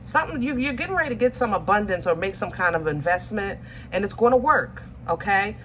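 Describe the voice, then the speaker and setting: Fairly quick and lively in intonation, a woman with a mid-range voice gives viewers a relaxed tarot reading, slight noise in the background. Chatty and fond, she uses baby and y'all, frequently stumbling to find words with ums and restarts.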